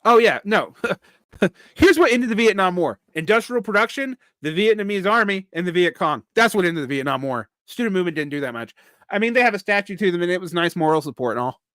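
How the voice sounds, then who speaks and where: A man with a Southern US accent hosting a live solo vlog, talking casually and haltingly, with many restarts. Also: high voice, lively intonation, a bit bright, no room sound, studio quality. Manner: halting, with frequent restarts and fillers. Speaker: vlog host.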